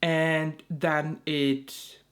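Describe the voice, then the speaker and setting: A woman's voice: sits low, level tone, very slow. Exasperated swearing woman telling a story. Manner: exasperated, swears often, acts out both sides of phone calls. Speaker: beauty content creator. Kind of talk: casual storytime vlog.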